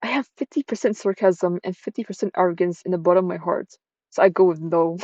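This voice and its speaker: A proud young noblewoman with a sharp, sarcastic tongue, read aloud by a woman. Her voice sits low and mellow, and it is heard on a dull, dry lo-fi recording. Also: fast talker, no room sound. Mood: cool defiant. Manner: cool, sarcastic, dismissive.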